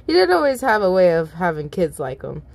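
A woman voicing a calm male robot night caretaker in a fan fiction reading, speaking softly and reassuringly, a little lower than her own voice. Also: brisk, gravelly, full character voice. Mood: gentle.

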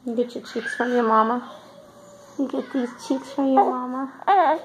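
A mother speaks to her baby in gentle, cooing baby talk, her voice sitting fairly high. The home video was shot on a handheld camera. There is clear background noise. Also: steady tone, moderate pace, rough recording.

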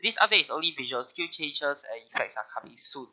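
Nasal, bright-toned man with a flu. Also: on the high side, expressive, quick pace, highs cut off. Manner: talks through notes with frequent "uh" fillers. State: sick with a bad flu. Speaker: gaming video host. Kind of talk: casual game update commentary.

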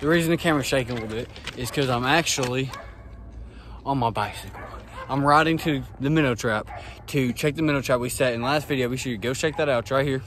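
A man's voice: medium pitch, quick pace, background noise. A man, out of breath, chatting casually to viewers while vlogging outdoors by a creek. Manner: chatty, talks to viewers while riding and hiking.

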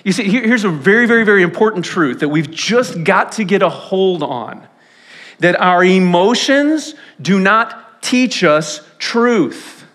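A man preaching a sermon as pastor, telling stories with animated delivery and acting out quoted voices. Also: high voice, a little slow. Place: church sanctuary.

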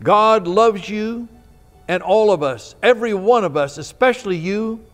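A fearless older Christian lady, firm and loving, her commands ringing high and loud, as a man puts her on. The voice rises well above his own and carries a long echo through a hall, with soft music behind. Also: animated, brisk. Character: stern elderly Christian woman, warm, fearless.

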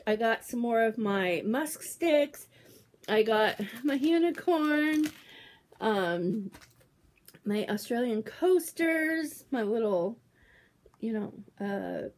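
A woman in her forties, opening a package on a casual vlog, talking excitedly with lots of fillers. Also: a little high, slow pace. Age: 40s. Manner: gushing, excitable, trails off with fillers. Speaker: YouTuber opening a mail package.

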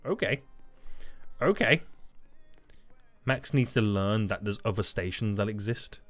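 A young man giving excitable, jokey commentary over gameplay, talking to chat and teammates. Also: lowish voice, measured pace, faint music behind. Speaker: gaming YouTuber. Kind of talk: energetic Roblox gameplay commentary.

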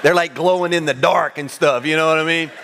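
A male pastor preaching a sermon to his congregation, telling funny personal stories with lively, self-mocking humor. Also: on the high side, fairly quick, vocal fry, long reverb tail, a little hiss or hum. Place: large church sanctuary.

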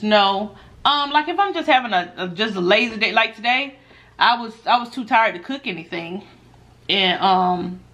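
A woman's voice: mid-range voice, muffled recording. Chatty woman vlogger, laid-back. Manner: chatty, laid-back, talks straight to viewers as "y'all"; animated, laughs often when telling stories. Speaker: mukbang vlogger. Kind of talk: casual chat while eating, reading viewer questions.

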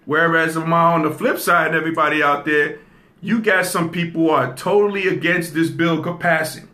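A man's voice: fairly high pitch, fairly even intonation, moderate pace, bright, forceful tone. A man hosting a casual commentary show, talking straight to his audience, repeating points and checking in with "okay?". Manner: repeats phrases for emphasis. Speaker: host.

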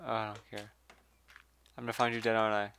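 A man's voice: fairly low pitch, flat delivery, fast, a bit bright, a little hiss or hum. A man giving casual gameplay commentary, chatty, swearing, and talking to the animals in the game. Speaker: gameplay video host.

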